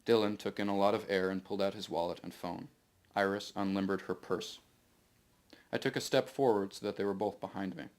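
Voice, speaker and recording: A man reading his own novel aloud to a live audience in steady first-person narration. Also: sits low, a little fast.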